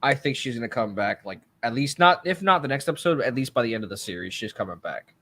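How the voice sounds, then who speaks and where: A man's voice: mid-range voice, animated, fast talker, bright, forceful tone. Man making confident predictions. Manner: confident predictions, filler-heavy. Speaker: podcast co-host. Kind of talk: casual chat.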